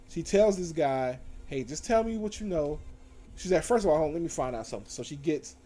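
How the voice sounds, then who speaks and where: A man recapping TV episodes in a casual, slangy, animated way, full of fillers and self-corrections. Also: a little high. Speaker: TV show reviewer. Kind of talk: casual recap with acted quotes.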